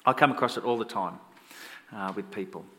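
A man preaching in a conversational, self-deprecating way, telling stories and getting animated when he quotes people. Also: lowish voice, fairly quick. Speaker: pastor. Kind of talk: sermon storytelling. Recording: long hall reverb.

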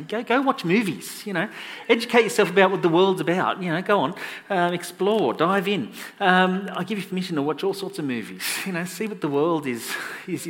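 A man delivers a sermon in a conversational, joking manner, his pitch swinging up and down. His voice carries the long reverb of a large hall. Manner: animated, conversational, jokey asides to the congregation. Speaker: preacher.

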